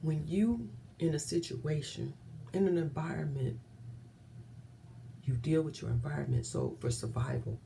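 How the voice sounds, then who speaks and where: Earnest gravelly woman vlogger. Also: low-pitched, big pitch swings, measured pace, pauses often, slight background noise. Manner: earnest, often drops to a hushed whisper. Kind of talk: impassioned commentary.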